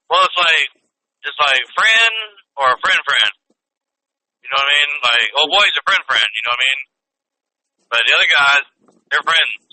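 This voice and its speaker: A man's voice: on the high side, lively intonation, moderate pace, pauses often, sharp tone. A man co-hosting a podcast over a phone call, teasing his friend in a dry, mock-serious way. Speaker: podcast co-host. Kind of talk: casual phone call chat.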